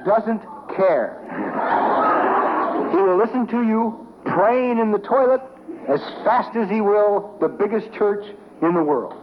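A man's voice: high-pitched, unhurried. A man telling stories to a recovery meeting in a large room, rambling and colloquial, with a wry sense of humor. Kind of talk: humorous storytelling talk to a group. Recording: dull lo-fi recording with faint noise.

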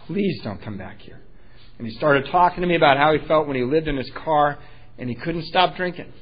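A man's voice: medium pitch, dull audio. A man candidly telling his own recovery story, self-deprecating and wryly funny. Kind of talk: personal storytelling talk.

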